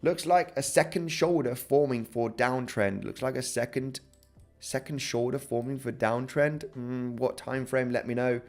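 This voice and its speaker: English-accented guy doing a live crypto chart stream, chatty, keeps saying okay and right, mid pitch. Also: unhurried, soft background music. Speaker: crypto trading livestream host. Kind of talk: live market analysis reading chat.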